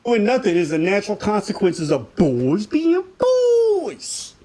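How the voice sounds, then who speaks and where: A man's voice: sits high, wildly swooping pitch, measured pace, mellow. A man joking and teasing in podcast banter, laughing often. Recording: noisy podcast clip.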